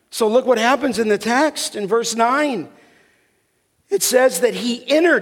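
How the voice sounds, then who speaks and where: A man preaching a sermon as pastor, deliberate and emphatic, asking the congregation rhetorical questions. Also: very high-pitched, long reverb tail.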